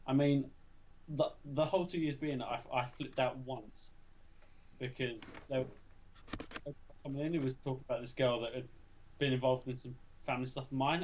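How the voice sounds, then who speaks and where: Young man, rambling and sweary. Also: medium pitch. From England. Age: young adult. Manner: swearing, rambling storytelling with many restarts. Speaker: podcast co-host. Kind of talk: casual chat.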